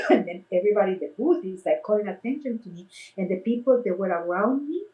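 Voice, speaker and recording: A middle-aged woman, by trade a clown and face painter, chats through her stories fairly quickly in a medium-pitched voice. She performs the quotes animatedly in a raised voice, though the audio is poor.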